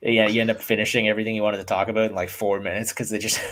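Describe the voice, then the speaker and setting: A man co-hosting a casual live fight watch-along chat, skeptical and quick in his replies. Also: fairly low pitch, little pitch movement, fairly bright tone. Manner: skeptical, quick back-and-forth. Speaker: podcast co-host.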